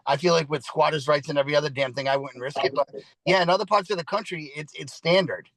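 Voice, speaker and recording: Guy cohost, kinda high voice, blunt and casual, dry close sound. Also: fast, a bit bright, no room sound, rough recording. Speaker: podcast co-host. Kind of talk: casual podcast chat.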